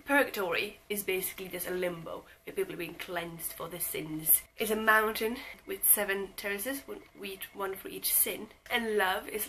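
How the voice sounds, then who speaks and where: A woman's voice: on the low side, sharp tone, slight background noise, poor audio. A young woman giving a casual, rambling book talk to camera, chatty and self-deprecating, with lots of fillers. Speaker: book vlogger.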